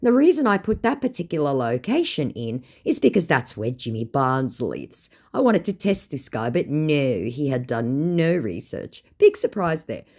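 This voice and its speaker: A woman's voice: deep voice, big pitch swings, moderate pace, few pauses, a little mellow. An Australian woman narrating her scam-baiting chats in a dry, sarcastic storytelling tone.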